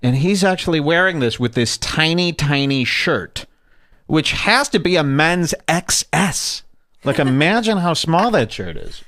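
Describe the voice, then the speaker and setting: A young man riffing through crude, comic stories on a podcast, his pitch swinging widely as he tells them. The sound is dry and close to the mic, and he often drops into silly put-on voices. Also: sing-song, a little slow, fairly bright tone, no room sound. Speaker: podcast host. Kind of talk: casual comedic storytelling.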